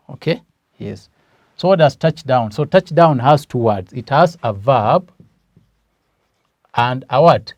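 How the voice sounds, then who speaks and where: Speaking with a Kenyan English accent, a man teaches a grammar lesson, emphasizing key words and posing questions he then answers himself. His medium-pitched voice is animated but slow and emphatic, in a dry recording.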